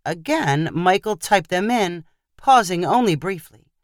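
A woman reading a story aloud as narrator in a steady storytelling manner. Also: lowish voice, a little slow, dry recording, studio quality. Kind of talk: scripted narration.

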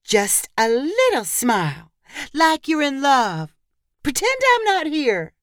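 A woman reads as a pushy, chirpy female photographer who snaps out cheerful orders, her voice jumping high and bouncing all over. Close and dry, with no room around it. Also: huge pitch swings, slow, dry recording, full character voice. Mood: bossy. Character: bossy upbeat female family photographer.

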